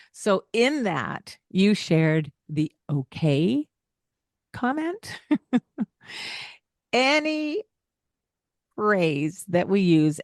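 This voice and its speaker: A woman's voice: lowish voice, a little mellow, no echo, clean studio sound. A woman hosting a parenting podcast in casual chat, laughing often and acting out the lines a parent might say.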